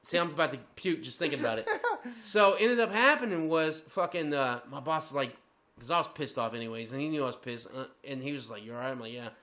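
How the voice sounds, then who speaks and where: Male podcast co-host: profane, animated storyteller with a bright, slightly high voice. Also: brisk. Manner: profane, animated, laughing while telling a story. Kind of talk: crude comedic storytelling.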